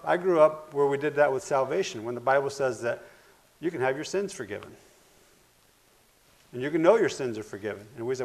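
Gravelly preacher, earnest. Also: male voice, medium pitch. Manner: earnest, repeats phrases, swings between loud and hushed. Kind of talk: sermon.

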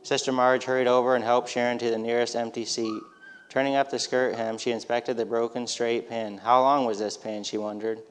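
A man reading a storybook aloud in a steady, gentle manner. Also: medium pitch, fairly quick, smooth.

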